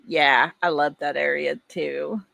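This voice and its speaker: A woman's voice: low-pitched, fairly even intonation, slow pace, gravelly, bright, forceful tone, dry recording. A middle-aged woman with an East Texas accent, hosting a livestream and chatting casually with viewers in a folksy way while laughing often. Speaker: livestream host. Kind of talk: casual chat reading viewer comments.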